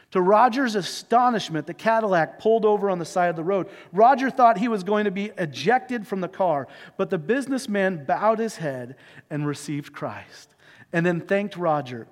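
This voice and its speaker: A male pastor delivers an earnest, emotive sermon story and then a heartfelt prayer. His voice sits high for a man. It rings with the long reverb of a church sanctuary. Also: lively intonation, normal speed. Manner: earnest, emotive retelling with shifting pace.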